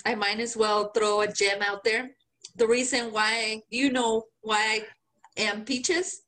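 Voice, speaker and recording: A woman from Mexico co-hosting a podcast in casual chat, a little tipsy, talking in an animated way with plenty of swearing. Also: a little high, slow pace. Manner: animated, swearing, laughing often. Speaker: podcast co-host.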